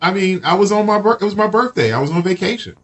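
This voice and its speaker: A man's voice: high-pitched, animated, quick pace, a bit bright, soft background music. A man co-hosting a podcast in casual chat, rambling through stories and acting out both sides of each exchange. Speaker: podcast co-host.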